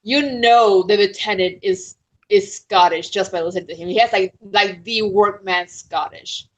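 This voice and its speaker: A woman guest panelist in casual chat, telling lively stories and laughing often. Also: mid-range voice, normal speed, lo-fi sound.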